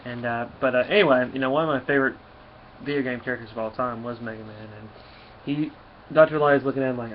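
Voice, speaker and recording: A man's voice: mid-range voice, fairly even intonation, quick pace. A man giving a casual, rambling comic book review, with many fillers and restarts. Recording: dull lo-fi recording, faint hiss.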